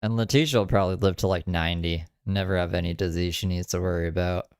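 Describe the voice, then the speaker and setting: A man's voice: sits low, fairly even intonation, fast, clean tone, dry recording, studio quality. A man hosting a podcast, rambling in crude, casual commentary with lots of filler words. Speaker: podcast host.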